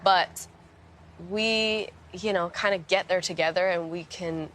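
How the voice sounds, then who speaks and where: A young woman in a casual radio interview, talking softly with many restarts and fillers. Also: on the low side, steady tone, slight background noise. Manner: soft-spoken, halting, many restarts and fillers. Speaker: interview guest, musician.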